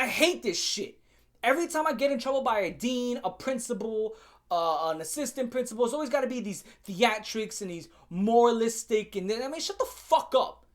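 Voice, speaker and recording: In a very high-pitched voice, a man tells a story from his school days as a casual, profane rant, animated and laughing at times.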